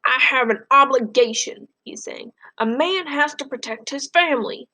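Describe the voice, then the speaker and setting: A woman voicing a stern, protective elderly grandfather who speaks quietly and firmly. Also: high voice, moderate pace, voice pushed up. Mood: grim, firm. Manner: quiet and firm.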